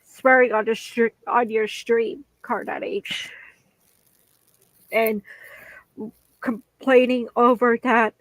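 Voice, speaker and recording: A woman speaking in a halting, hesitant way with many restarts, making an apology video. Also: a little high, flat delivery, fairly bright tone, dry recording, low-quality recording. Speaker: vlogger.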